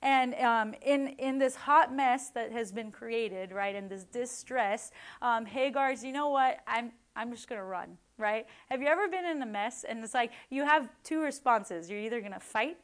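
A woman's voice: a little high, normal speed, hardly any pauses. A woman giving a casual devotional Bible teaching in a chatty way, tagging "right?" and "like," and acting out the people she quotes. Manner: chatty, many "like" and "right?" tags; acts out quoted people with lively voices.

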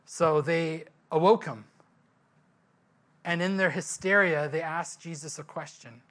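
A man's voice: on the high side, moderate pace. Conversational male pastor preaching. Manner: conversational, animated storytelling with rhetorical questions. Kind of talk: sermon.

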